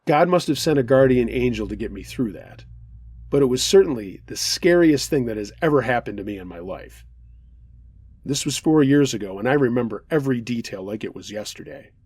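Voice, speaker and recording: A man with a husky, mid-pitched voice reads a listener's true scary story aloud. His narration is earnest and dramatic, and the recording sounds dry and close. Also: animated, a little fast, a little mellow, no room sound. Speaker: host reading a listener's story.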